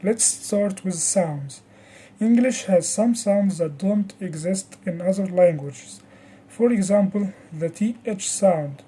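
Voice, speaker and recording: Teacher, pronunciation drills, slow and careful delivery, warm dark tone. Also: medium pitch, husky, rough recording. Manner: slow, deliberate, over-articulates example words. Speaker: English teacher. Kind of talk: pronunciation lesson with repeat-after-me drills.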